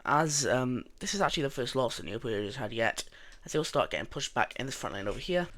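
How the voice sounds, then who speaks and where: A young man giving a casual voice-over narration of a map scenario, relaxed and rambling with many fillers and restarts. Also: mid-range voice, fast talker. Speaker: mapping video narrator.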